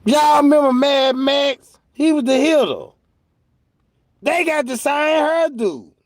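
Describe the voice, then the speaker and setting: A man's voice: extremely high pitch, lively intonation, slow pace, dry recording, clean studio sound. A man giving joking, mocking commentary in slangy talk, breaking into laughter and slipping into mock voices for his punchlines. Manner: slips into mock voices for jokes. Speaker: commentary streamer.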